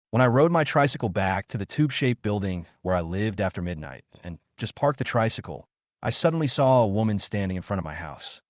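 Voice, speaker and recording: A man narrating a story recap in a plain, even reading. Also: lowish voice, dry recording, studio quality.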